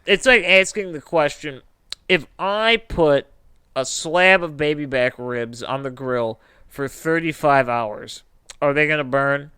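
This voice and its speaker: A man's voice: on the high side, a little slow, pushed and bright, clean tone, no echo. A man co-hosting a casual podcast, joking and rambling with playful comparisons. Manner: jokey, rambling, playful analogies. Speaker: podcast co-host.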